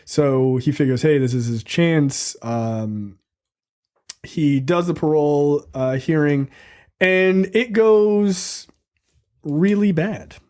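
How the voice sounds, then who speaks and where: Speaking slowly in a slightly mellow voice on the high side, this man hosts a relaxed film review podcast. He jokes and swears freely as he loosely recaps the movie's plot.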